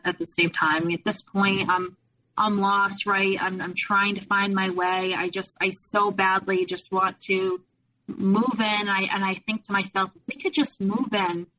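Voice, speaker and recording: A young woman with a bright, clear voice tells a personal story as a podcast guest. Her talk rambles and is full of fillers and restarts. She sits a little back from the microphone. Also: mid-range voice, far from the mic, rough recording. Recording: voice a little off-mic.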